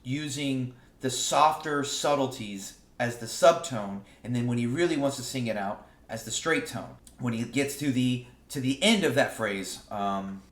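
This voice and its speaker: A man teaching saxophone in a relaxed, casual way, often stumbling over and repeating his words. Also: medium pitch, measured pace, few pauses, noisy background. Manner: relaxed, explains with sung examples, repeats words. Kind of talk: casual music lesson. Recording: roomy echo.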